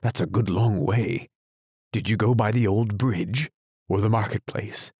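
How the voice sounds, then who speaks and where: A man's voice: fairly low pitch, measured pace, darkish tone, husky, dry recording, studio quality. A man voicing a nervous, fussy old king in an audiobook, muttering anxiously. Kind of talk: audiobook character reading.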